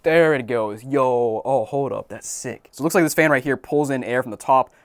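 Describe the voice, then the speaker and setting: A man giving casual, excitable commentary as he unboxes and tests game consoles. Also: medium pitch, dry recording. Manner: excitable, quick reactions and exclamations. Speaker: tech YouTuber reviewing consoles.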